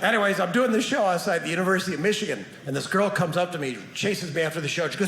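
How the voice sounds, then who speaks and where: A middle-aged man doing a stand-up comedy set on a theater stage, telling animated stories and acting out other people's lines. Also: high-pitched, racing, slight background noise. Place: theater stage before a live audience. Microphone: stage microphone. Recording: roomy stage sound with audience laughter.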